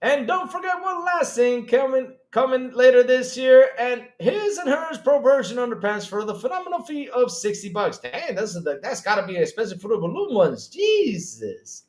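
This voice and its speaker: A man hosting a live-stream gaming podcast, loud and excitable, swearing often. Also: very high-pitched, normal speed, hardly any pauses. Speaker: podcast host. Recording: roomy echo.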